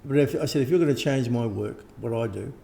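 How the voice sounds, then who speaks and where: An older man, talking casually and rambling as an interviewed teacher, often clearing his throat. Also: mid-range voice, a little fast, dark tone, a little hiss or hum. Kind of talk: casual conversation.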